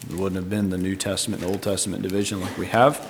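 A man's voice: sits low, level tone, quick pace, a little hiss or hum. A man preaching a Bible teaching sermon, explaining verse by verse in a thoughtful, tentative way. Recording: long reverb.

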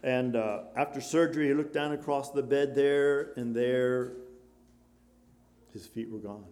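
A man preaching a sermon, switching between loud exclamations and quiet, hushed storytelling, with many questions put to his listeners. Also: mid-range voice, fairly even intonation, unhurried. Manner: rhetorical questions to the congregation.

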